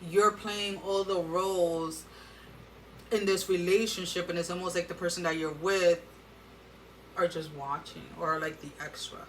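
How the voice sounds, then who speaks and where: A woman's voice: lowish voice, steady tone, a little slow, far from the mic, slight background noise, low-quality recording. A woman giving an earnest tarot card reading and talking straight to her viewers with advice. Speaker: tarot reader.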